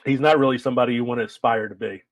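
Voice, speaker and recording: A man's voice: medium pitch, fairly even intonation, rapid-fire, no room sound, rough recording. A man co-hosting a casual film podcast, laughing often and chatting loosely. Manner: laughs often, puts on quoted voices. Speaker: podcast co-host. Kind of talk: casual chat.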